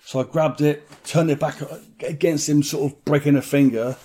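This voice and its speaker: A man's voice: fairly high pitch, fairly even intonation, moderate pace, dark tone, breathy edge. A middle-aged man, telling a story bluntly in an interview, swearing freely and acting out other people's voices.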